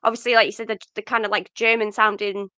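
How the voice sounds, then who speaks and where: A woman's voice: mid-range voice, level tone, quick pace, bright, forceful tone, clean tone, dry recording. A woman co-hosting a podcast, chatting casually about a film with lots of fillers. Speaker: podcast co-host.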